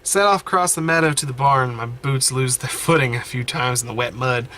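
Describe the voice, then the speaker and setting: A man playing a story game at home, reading the text aloud with animated running commentary and frequent self-corrections. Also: medium pitch, a little fast, a little hiss or hum. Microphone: desk mic, wearing headphones.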